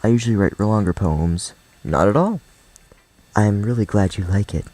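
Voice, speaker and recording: A man voicing a shy, bookish young woman who speaks in a soft, hesitant, gentle way. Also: on the low side, moderate pace, no room sound, lightly acted, rough recording. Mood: timid.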